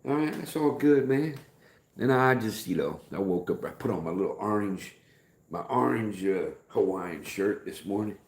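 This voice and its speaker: A middle-aged man hosting a casual live stream, rambling in a folksy way, greeting viewers by name and speaking softer than usual. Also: fairly low pitch, animated, normal speed, echoey room.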